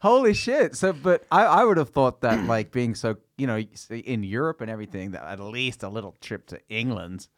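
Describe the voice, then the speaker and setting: A male podcast host in loose, joking chat, crude and quick to swear. His voice sits mid-pitch. The sound is dry and close, in a studio. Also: expressive, no room sound. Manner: jokey, crude, swears freely.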